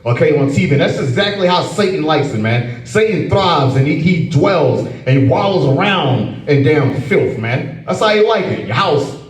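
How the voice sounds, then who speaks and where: A man with a high voice preaches in an echoey room, heard from some distance off the mic. He hammers each point home, tagging lines with "man" and "okay?", and drops mocking asides to his class. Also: animated, moderate pace, hardly any pauses. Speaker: preacher leading a scripture class. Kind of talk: informal preaching.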